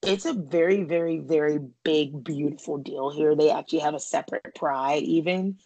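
A woman's voice: low voice, normal speed, darkish tone, no room sound, lo-fi sound. A woman hosting a podcast in casual, chatty conversation, laughing often. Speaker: podcast host.

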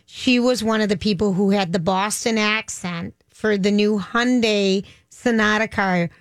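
A woman's voice: mid-range voice, measured pace, dry recording. Chatty woman radio host. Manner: chatty, enthusiastic. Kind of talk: casual chat.

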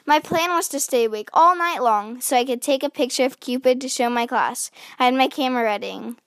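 A woman's voice: high-pitched, fairly quick, no echo, studio quality. A woman hosting a read-aloud, narrating a children's picture book expressively. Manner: bright, expressive storytelling. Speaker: host reading children's books.

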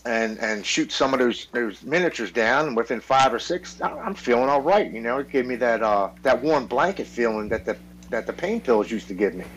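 A man's voice: mid-range voice, lively intonation, moderate pace, fairly bright tone, dull audio, slight background noise. A man in his forties, a podcast guest, earnestly telling his recovery story in a blunt, swearing, casual way.

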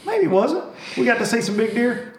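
A man's voice: very high-pitched, sing-song, brisk, vocal fry, roomy sound. A man hosting a fishing show, chatting casually and animatedly, laughing often and swearing in a folksy way. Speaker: podcast host. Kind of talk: casual chat.

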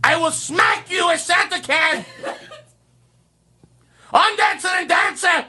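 A male radio host voicing a loud, blustery Santa Claus who mixes jolly ho-ho-hos with threats. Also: very high-pitched, takes it slowly, voice pushed up, heavily acted.

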